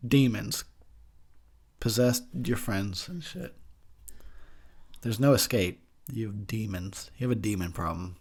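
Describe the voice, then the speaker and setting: A man's voice: lowish voice, a little slow, long pauses, darkish tone, breathy edge. A young man giving crude, joking commentary over a movie while drinking beer, laughing often. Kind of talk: casual drunk movie commentary.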